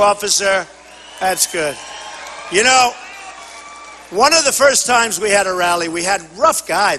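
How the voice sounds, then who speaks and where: An older man giving a campaign rally speech at a podium microphone, boastful and repetitive, often shouting to the crowd. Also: high voice, long reverb tail, a little hiss or hum, poor audio. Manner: boastful, repetitive, punchy phrases. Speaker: political candidate at a rally. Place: large rally venue.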